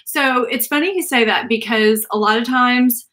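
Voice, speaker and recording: Woman, casual livestream host, chatty, laughs a lot, slightly higher voice, small home office. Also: unhurried, bright, forceful tone. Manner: chatty, laughs often, sighs. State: out of breath.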